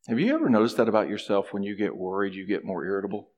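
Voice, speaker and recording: A man preaching a sermon, animated, acting out a character's complaints in a raised voice. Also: lowish voice, racing. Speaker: pastor.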